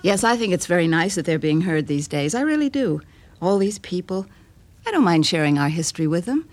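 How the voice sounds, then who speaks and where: A woman's voice: on the low side, sing-song, fairly quick, darkish tone. A patronizing genteel lady. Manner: patronizing, sing-song. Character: smug, condescending genteel lady. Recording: long reverb.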